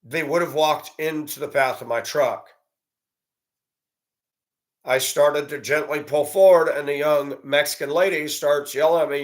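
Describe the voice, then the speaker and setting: A man's voice: a little high, steady tone, moderate pace. A man giving a blunt, profane, indignant monologue and telling a story about a run-in. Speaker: commentator. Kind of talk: ranting monologue.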